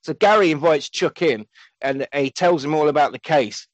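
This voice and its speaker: Podcast host, man, animated film recapper, swears freely, bit high-pitched, dry close mic. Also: normal speed, no room sound, rough recording. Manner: animated, sweary, acts out characters in quotes. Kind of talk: comedic film recap chat.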